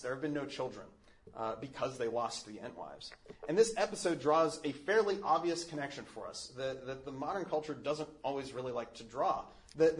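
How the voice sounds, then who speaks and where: A Catholic man giving a casual teaching talk. He speaks in a thoughtful, earnest way, with many "um"s and restarts. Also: medium pitch.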